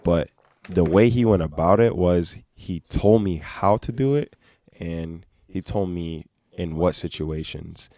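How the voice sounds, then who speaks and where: A man co-hosting a podcast in casual chat, relaxed and affirming as he tells a story. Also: low-pitched, a little slow, no room sound. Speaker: podcast co-host.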